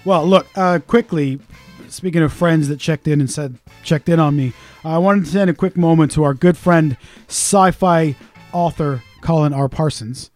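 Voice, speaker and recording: Podcast co-host: man with a mellow voice and a profane, grumpy ranting delivery, in pain. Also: fairly high pitch, moderate pace, faint music behind. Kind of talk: casual podcast chat.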